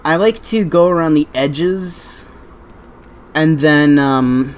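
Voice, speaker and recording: A man's voice: fairly high pitch, takes it slowly, a little hiss or hum. Rambling male game streamer. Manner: rambling, self-correcting, with many fillers. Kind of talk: casual live game commentary.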